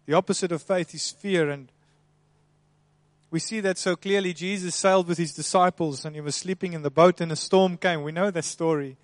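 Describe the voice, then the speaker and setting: High-voiced preacher, dry close sound. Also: male voice, steady tone, moderate pace, dry recording. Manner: preaching with swings between soft hushed and loud emphatic delivery. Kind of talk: sermon.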